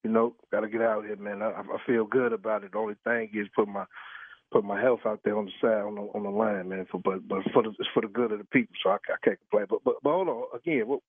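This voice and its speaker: A man's voice: on the low side, steady tone, fast talker, breathy edge, no echo. A man's voice comes through a thin, phone-like line in a dry, close sound. He talks bluntly in street slang, swearing and pressing the caller with questions. He is worn out from long shifts. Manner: blunt street slang, swears, keeps asking who is calling. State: tired from work. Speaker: prank call target, truck driver. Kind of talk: phone conversation.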